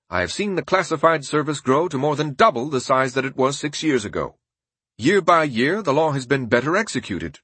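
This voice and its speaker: A man voicing a forceful 1890s statesman in quoted passages of an audiobook, with an emphatic, raised delivery. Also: fairly high pitch, slightly rough, no echo, heavily acted.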